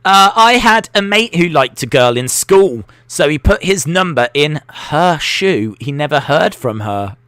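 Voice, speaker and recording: A man's voice: on the high side, animated, unhurried, few pauses, a bit bright, clean tone, no echo. A man hosting a live wrestling watch-along, chatty and jokey, reacting aloud as he goes. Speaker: live stream host.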